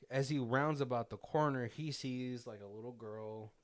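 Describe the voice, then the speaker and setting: Man, podcast co-host, casual film chat, lively storytelling, breaks into laughter, acts out quotes. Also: medium pitch, unhurried. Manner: animated retelling, acting out quotes, frequent laughter. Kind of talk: casual movie commentary chat.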